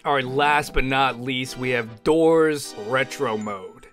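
A young man giving loud, excitable gameplay commentary with frequent yelling and swearing. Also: mid-range voice, slow pace, over loud music. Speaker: gaming YouTuber.

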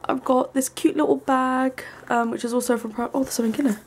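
A young woman giving a casual, rambling tour of her small bedroom, full of ums and likes, sometimes hushed. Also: high-pitched, fairly even intonation, fast, slight background noise. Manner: hushed at times so as not to wake her brother. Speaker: vlogger. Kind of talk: casual room tour vlog.

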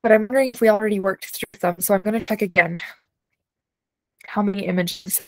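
A woman leading an unscripted guided imagery session, speaking slowly and soothingly, with soft laughs and sighs. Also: medium pitch, steady tone, dry recording, low-quality recording. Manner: slow, soothing guidance with soft laughs and yawns.

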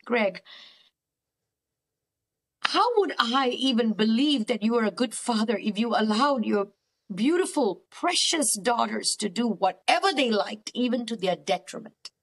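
High-voiced earnest woman therapist. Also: expressive, measured pace, husky. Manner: earnest, emphatic, repeats words for stress. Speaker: cognitive therapist guest. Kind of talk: faith-based counselling conversation.

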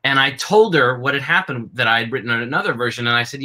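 A man talks warmly and playfully as moderator of an author conversation. His voice is bright and forward. It comes through a video-call microphone. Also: mid-range voice, fast talker, low-quality recording. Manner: playful, enthusiastic. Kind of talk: casual chat.

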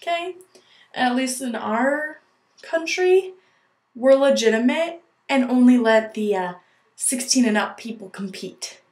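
A woman's voice: sits high, a little slow, a little mellow. A young woman vlogging in a gushing, chatty way, full of "like", recorded in an echoey room. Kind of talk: casual chat to camera.

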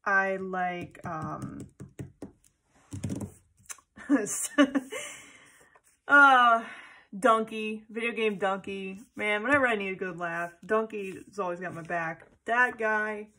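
A woman vlogger in loose, casual chat, with a bright, forward tone. She gushes and rambles, filling pauses with ums and wandering off on tangents. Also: medium pitch. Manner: gushing, rambling, with many fillers and tangents. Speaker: planner vlogger.

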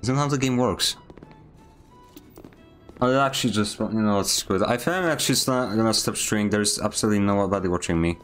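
A man's voice: lowish voice, a little fast, a bit bright, soft background music. Playful man streaming games. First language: Polish. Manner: playful, mock-dramatic teasing. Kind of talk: casual gameplay streaming.

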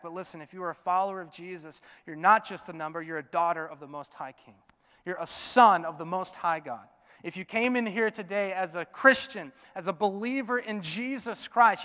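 Guy preaching a sermon, smooth resonant voice, gets loud then goes real quiet. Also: high-pitched, long reverb tail. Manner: dynamic, swinging from loud urging to soft hush. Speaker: pastor. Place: church sanctuary.

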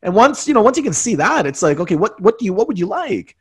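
A man's voice: sits high, very animated, quick pace, slightly rough. A man who is a guest on a podcast, talking thoughtfully and encouragingly in casual conversation. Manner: reflective, encouraging, speaks about self-love.

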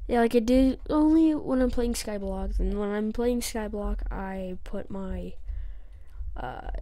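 A woman's voice: mid-range voice, warm tone, no echo. A woman hosting a let's-play, chatting casually and rambling while correcting herself. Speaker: gaming channel host.

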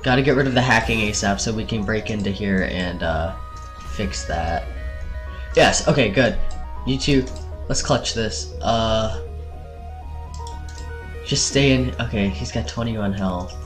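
A man hosting a let's play, reacting with excitable outbursts and plenty of fillers while he orders his crew around. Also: on the low side, measured pace, long pauses, faint music behind. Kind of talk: casual gameplay commentary.

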